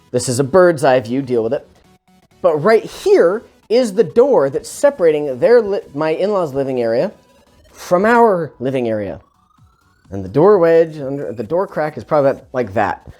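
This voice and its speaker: A man telling a funny personal story in a casual, animated, self-mocking way, with sarcastic asides. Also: high voice.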